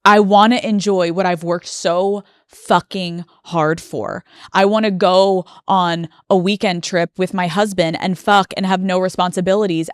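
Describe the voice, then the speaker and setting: Her voice is mid-range and smooth, with no echo: an American podcast host in her thirties sharing a personal monologue. She speaks candidly and emotionally, leaning on many fillers, nearly in tears.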